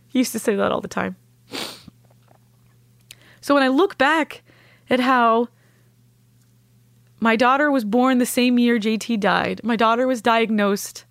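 A woman's voice: mid-range voice, no room sound, clean studio sound. A young adult woman telling an emotional personal story in earnest, heartfelt talk, acting out the voices of the people she quotes. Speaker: guest sharing a personal story.

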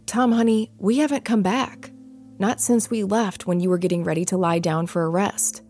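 Woman voicing a wife and mother in a storybook, gentle and reassuring, talking softly to calm her husband down. Her voice sits at an average pitch for a woman, with faint music underneath. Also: normal speed, natural voice. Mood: soothing. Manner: soothing, reassuring.

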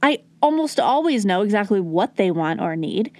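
A young adult woman teaching parents how to calm toddlers, earnest and coaching, softly acting out what to say to a child. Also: mid-range voice, moderate pace, dry recording. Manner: earnest, coaching, acts out gentle lines to a child. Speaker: parenting educator. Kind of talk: instructional talk to parents.

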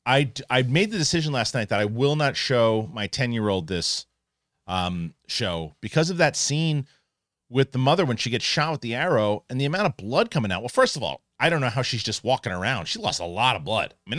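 A man hosting an online show, giving a casual spoken review of a TV episode, animated and full of restarts. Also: mid-range voice, no echo, studio quality. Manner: animated, restarts often, acts out characters in quick asides.

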